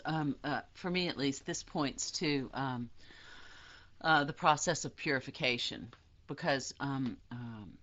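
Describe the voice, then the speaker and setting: A woman giving a casual spiritual teaching talk, animated and self-deprecating, acting out quoted voices. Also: rumbling low. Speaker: spiritual teacher leading a study group. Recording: dull lo-fi sound.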